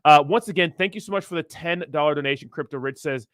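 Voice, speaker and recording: A man's voice: a little high, fast talker, a bit bright, no room sound, clean studio sound. A young man hosting a crypto livestream in casual, rambling, profane chat, reading viewer messages aloud.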